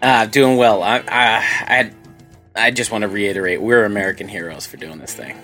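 A man's voice: lowish voice, fairly bright tone, faint music behind. A man co-hosting a casual comedy podcast, joking, laughing and swearing. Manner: joking, profane, quick to laugh. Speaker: podcast co-host.

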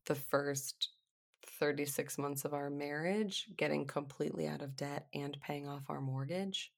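A woman speaks in a deep voice with a gravelly rasp. She tells candid stories as a physician assistant on a podcast, animated and quick to laugh. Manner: animated, laughs often while telling stories. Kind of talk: candid storytelling interview.

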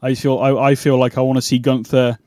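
A man's voice: medium pitch, level tone, a little fast, warm tone, dry recording, studio quality. Chatty British man hosting a wrestling podcast. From United Kingdom. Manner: chatty, rambling, many fillers and restarts. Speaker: podcast host. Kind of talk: casual wrestling chat. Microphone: remote call setup.

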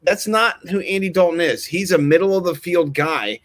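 A man hosts a loose sports chat and rambles cheerfully from point to point with jokes. His voice sits somewhat high for a man. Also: moderate pace, a bit bright. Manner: rambling, jokey and chatty. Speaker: fantasy football co-host.

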